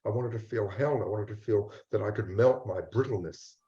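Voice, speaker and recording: A man voicing an ashamed, rejected inner part of a person, speaking quietly and hesitantly with stammers, in a roomy lo-fi recording. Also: on the low side, normal speed, natural voice. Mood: hushed hesitant.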